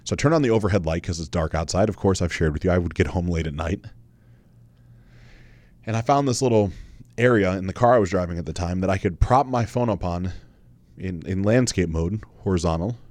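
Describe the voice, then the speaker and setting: The same podcast host, a man in his thirties with a fairly low, slightly mellow voice, talks a little fast as he shares his own story. He's candid and conversational, earnest, repeats phrases for emphasis and swears now and then. The recording is close and dry, with no echo.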